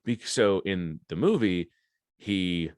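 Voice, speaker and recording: A man's voice: low-pitched, lively intonation, slow, no echo. A man hosting a podcast in casual chat, rambling and swearing with enthusiasm at a close mic. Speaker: podcast host.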